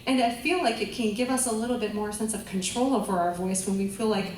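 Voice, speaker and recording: A woman's voice: mid-range voice, quick pace, few pauses, slight background noise. A woman vocal coach teaching a group class, chatty and enthusiastic, often laughing. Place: large room with a class. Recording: echoey room, voice from a distance.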